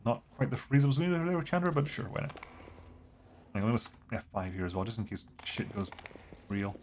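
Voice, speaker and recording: A man's voice: mid-range voice, steady tone, fairly quick, gravelly, a little mellow, slight background noise. A man streaming a game, reading it aloud and commenting in a wry, offhand way. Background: game music.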